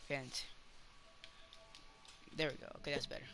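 A man's voice: medium pitch, moderate pace, vocal fry, loud music behind the voice. A man giving casual gameplay commentary, rambling to himself and cheering his teammate on. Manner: excitable, rambling self-talk with cheering. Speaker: gamer.

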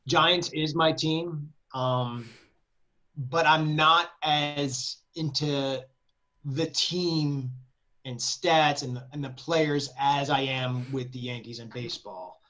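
A composer appearing as a guest on an interview podcast tells a personal story casually and animatedly, swearing freely and laughing between phrases. His voice is a little high, and he speaks at a slow pace.

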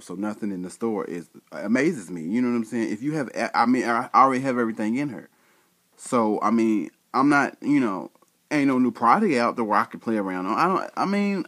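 A man's voice: medium pitch, lively intonation, a little fast, fairly bright tone. Exasperated man ranting in a vlog. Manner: exasperated, slangy retelling with quoted dialogue. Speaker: vlogger. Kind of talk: casual storytelling rant.

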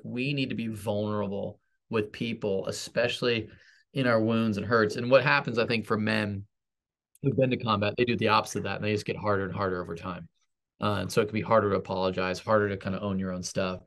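A man's voice: lowish voice, creaky, fairly bright tone. A man, a pastor and military veteran, telling stories in a rambling, self-deprecating way as an interview guest. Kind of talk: casual storytelling interview.

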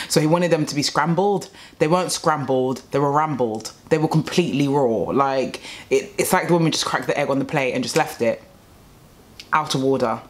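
A woman's voice: a bass voice, normal speed. A young woman telling a rambling, exasperated story about a bad restaurant meal in a casual vlog. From England. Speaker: vlogger.

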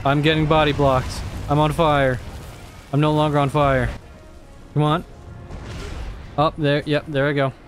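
A man's voice: a little high, level tone, unhurried, pauses often, soft background music. Swearing young man reacting to gameplay. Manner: exasperated, swears a lot, talks to himself. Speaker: gamer. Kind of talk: live gameplay commentary.

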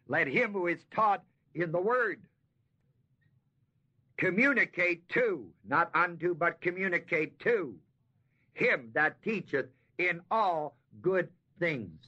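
A man giving a verse-by-verse Bible teaching, with a slightly high and bright, forceful voice. He talks at a slow, deliberate pace, drawing out key words for emphasis and putting questions to his listeners. The sound comes from a dull, lo-fi 1970s tape recording. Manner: emphatic, slows and stresses key words, asks the audience questions.

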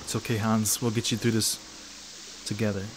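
A man's voice: fairly low pitch, flat delivery, moderate pace. A man speedrunning a game live, joking and swearing casually while talking straight to his chat. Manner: joking, addresses chat directly, swears freely. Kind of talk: casual live-stream commentary. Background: game music.

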